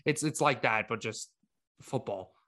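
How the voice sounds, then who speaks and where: A man's voice: mid-range voice, measured pace. Exasperated man ranting about football. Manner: animated, exasperated rants with many restarts. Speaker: podcast co-host. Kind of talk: casual sports chat.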